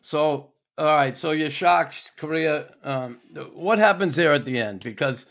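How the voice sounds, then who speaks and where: A man's voice: a little high, a little slow, creaky, a bit bright. A man hosting a podcast, asking questions in a loose, rambling way with many fillers. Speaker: podcast host, former hockey player. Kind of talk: casual interview chat.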